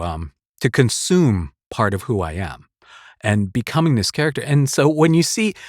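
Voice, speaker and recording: Man, voice actor vlogging about craft, low voice, dry close-mic sound, earnest and rambling. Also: dry recording. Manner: earnest, rambling, with restarts and short laughs. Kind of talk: casual talk on voice-acting craft. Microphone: close studio microphone.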